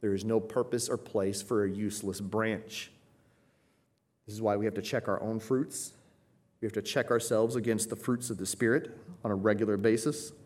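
A man teaching a Bible passage, earnest and emphatic, slowing down to explain Greek wording and often checking in with "right?". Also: lowish voice, steady tone, a little mellow.

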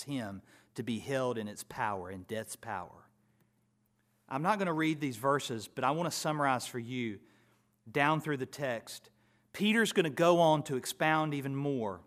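A man with a medium-pitched voice preaches a sermon, expounding scripture and building to loud, emphatic contrasts before dropping back down.

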